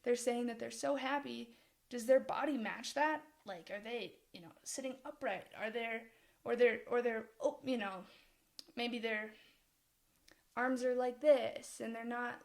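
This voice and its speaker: A young woman talks through course material in a loose, chatty way. She often stops mid-thought, restarts and laughs. Her voice sits a little high and has a gravelly, fried edge. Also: steady tone, measured pace. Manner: rambling, self-interrupting, laughs often. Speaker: co-presenter. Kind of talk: casual discussion of course material.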